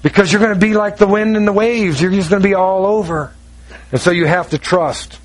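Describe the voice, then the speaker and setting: A middle-aged pastor, his voice notably high for a man, preaches briskly despite poor audio. Folksy and playful, he jokes with the crowd and acts out pieces of dialogue.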